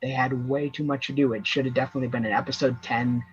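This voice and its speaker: A man's voice: mid-range voice, fairly even intonation, fast talker, muffled recording. A man co-hosting a casual fan review show, talking in long rambling runs with many restarts. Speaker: co-host.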